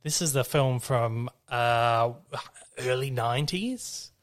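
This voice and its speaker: Speaking slowly at a medium pitch, a man hosts a loose, rambling film chat. He frequently restarts his sentences and swears without holding back.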